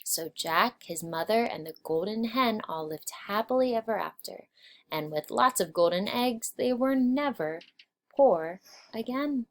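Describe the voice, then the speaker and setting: A woman narrating a children's story aloud, expressive and changing her pitch and volume with the story. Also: measured pace.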